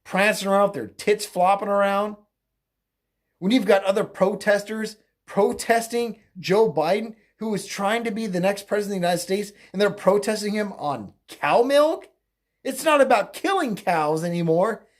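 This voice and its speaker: Speaking at normal speed in a medium pitch, a political commentator delivers an opinionated solo rant. The tone is mocking and crude, wandering with fillers and self-corrections, and broken up by frequent laughter at the host's own jokes.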